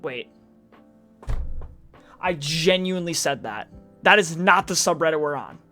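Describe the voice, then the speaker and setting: A man's voice: a little high, animated, unhurried, sharp tone, soft background music. A man streaming casual reddit reaction commentary, chatty with sarcastic asides, reading posts aloud in a mocking tone.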